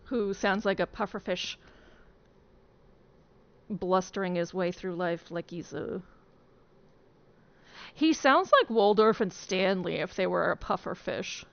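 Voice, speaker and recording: A woman's voice: medium pitch, takes it slowly, vocal fry, long pauses. A young woman giving casual, giggly game commentary, rambling and correcting herself as she goes. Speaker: let's play streamer. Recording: dull lo-fi sound.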